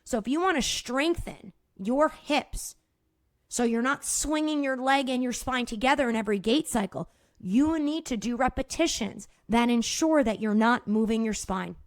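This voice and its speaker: A middle-aged woman hosting her own podcast as a movement therapist, explaining in a casual, energetic way, swearing freely and laughing at herself. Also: fairly high pitch, normal speed, dry recording, studio quality.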